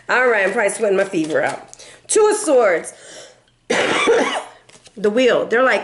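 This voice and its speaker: A woman's voice: fairly high pitch, expressive, moderate pace, long pauses. A middle-aged woman giving a casual tarot reading, chatty and playful, who acts out quoted voices and breaks into snatches of song. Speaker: tarot reader and life coach.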